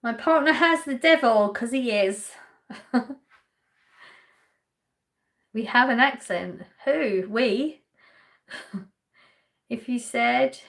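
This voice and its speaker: This English host from Essex speaks in a slow, gravelly voice that's on the high side and a bit bright, pausing often. Running a live stream with her Essex English accent, she reads viewer comments aloud and replies in a relaxed way. Her manner is chatty with light laughter, and she tackles chat questions head-on.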